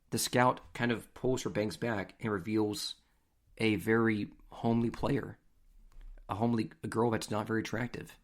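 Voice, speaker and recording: A man hosting a podcast, telling stories in a casual, animated, conversational way. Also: lowish voice. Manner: animated, conversational, acts out scenes. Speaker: podcast host. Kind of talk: casual storytelling.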